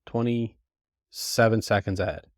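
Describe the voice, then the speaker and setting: A man with a lowish voice co-hosting a podcast in a casual chat. He jumps in with quick remarks and often restarts his sentences. The sound is dry and close. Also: steady tone, dry recording. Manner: quick interjections, stumbling restarts. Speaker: podcast co-host.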